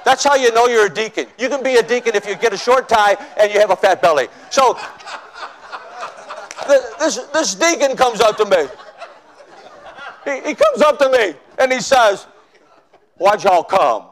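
A male preacher telling his conversion story in a sermon, swinging from loud shouts to hushed confession. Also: very high-pitched, lively intonation, moderate pace, pauses often. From northern United States. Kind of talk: sermon testimony.

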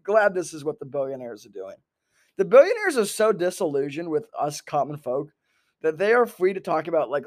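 A man in his own voice, hosting a comedy podcast. He rambles with lots of swearing and animated asides, hopping from one topic to the next. His voice sits on the higher side for a man. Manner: profane, animated, jumps between topics.

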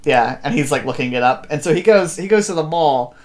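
A man's voice: on the high side, expressive, a little fast. A man recapping a story in casual chat, rambling with many fillers and acting out quotes. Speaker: podcast host.

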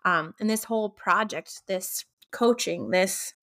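Woman, solo podcast host and coach, gentle and reflective, mid-range voice, lots of ums. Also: medium pitch, measured pace. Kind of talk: casual solo podcast talk.

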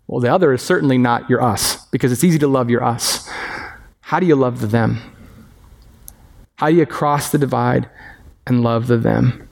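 A man preaching a sermon as pastor, animated and acting out the voices of others. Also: medium pitch. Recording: long reverb of a hall.

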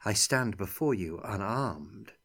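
A man voicing a shrewd female envoy who speaks smoothly and placatingly, with an edge of threat. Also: fairly low pitch, animated, slow, a bit bright, heavily acted. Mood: diplomatic.

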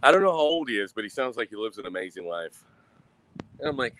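Man, mid-thirties, low voice, rambling casual vlog talk over beer, swears freely, sighs between thoughts. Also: sing-song, fast, a bit bright, slight background noise. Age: 30s. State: drinking beer.

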